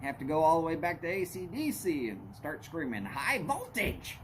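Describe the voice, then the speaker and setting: Middle-aged guy on his live stream, kinda high voice, tells rambling jokey stories, faint hiss behind. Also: expressive, fairly quick, a little mellow. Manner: rambling, joking storyteller. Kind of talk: casual chat with live chat.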